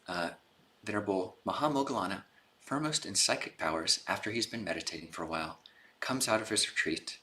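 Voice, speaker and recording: A man's voice: low voice, sharp tone. A man, a Buddhist monk, giving an informal dharma talk, explaining casually and retelling scenes in a chatty, slangy way.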